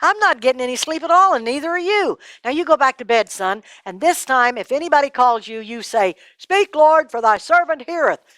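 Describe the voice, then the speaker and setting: A woman's voice: sits high, expressive, fairly quick, few pauses, fairly bright tone, no echo, voice pushed up. Woman doing a grumpy, exasperated old priest. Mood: scolding. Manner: exasperated, scolding. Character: old weary male high priest, grumpy.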